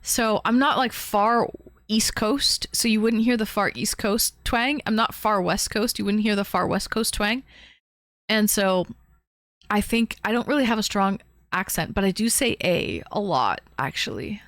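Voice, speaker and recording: A woman's voice: mid-range voice, unhurried, a bit bright, no echo, clean studio sound. A young woman from the Toronto area, live-streaming and chatting casually, thanking viewers by name with plenty of fillers. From Canada, Toronto area.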